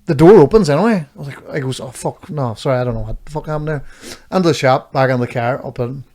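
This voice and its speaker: A man's voice: medium pitch, quick pace, a little mellow. A man with a Northern Irish accent, co-hosting a podcast and telling rambling, sweary anecdotes in casual chat. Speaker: podcast co-host.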